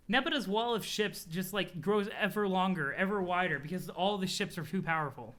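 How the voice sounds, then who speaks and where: Excitable streamer reacting to a comic. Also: medium pitch, a little fast, few pauses. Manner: excited, laughing asides. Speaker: streamer reading a web comic. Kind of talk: live reading commentary.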